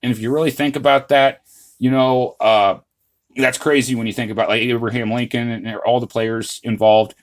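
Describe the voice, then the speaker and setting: A man's voice: medium pitch, fairly even intonation, normal speed. Male vlogger, mid-range voice, off-the-cuff and rambling, heavy on fillers, earnest. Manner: rambling, frequent "uh, you know" fillers and restarts; earnest, addresses viewers as "guys". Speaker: channel host. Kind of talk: casual history vlog monologue.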